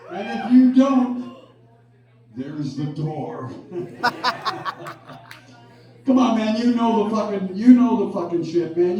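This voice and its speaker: A man's voice: on the high side, mellow, muffled recording. A man from Canada, a band frontman, telling a rowdy, profane story on stage between songs. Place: live music club stage. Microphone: stage vocal mic through the PA. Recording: echoey club sound from far off.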